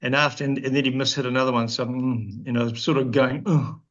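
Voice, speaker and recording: Speaking quickly in a flat, fairly bright medium-pitched voice, the former cricketer from New Zealand, now in his sixties, rambles through dry, funny stories and often restarts. It's a casual storytelling interview, recorded as a dull lo-fi podcast.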